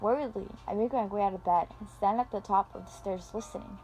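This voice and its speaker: Woman reading a dramatic fanfic out loud, expressive, quiet music underneath. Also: medium pitch, fairly quick, few pauses, rough recording. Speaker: story reader. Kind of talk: first-person story reading.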